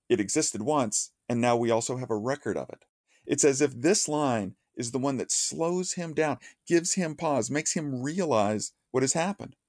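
A man giving a measured, reflective lecture on poetry, dropping low and slow to recite lines of verse. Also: a little mellow, no echo, studio quality. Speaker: literature lecturer. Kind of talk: analytical lecture with dramatic recitation.

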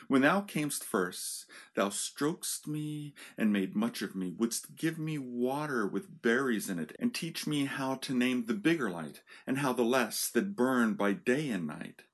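A man reading the part of a bitter, resentful male island native, reciting verse slowly and deliberately. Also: mid-range voice, expressive.

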